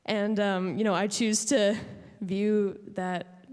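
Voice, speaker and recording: A woman from Alberta giving an emotional award acceptance speech from a stage, halting with many fillers and restarts. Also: mid-range voice, flat delivery, darkish tone, clear, resonant tone. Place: large hall at an awards show. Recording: long hall reverb.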